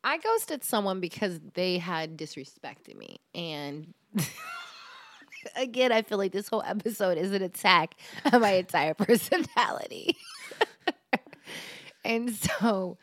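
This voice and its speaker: A woman's voice: medium pitch, expressive, slow, long pauses. A young woman from Philadelphia, a podcast guest in casual chat, candid and self-mocking, laughing often as she tells her stories.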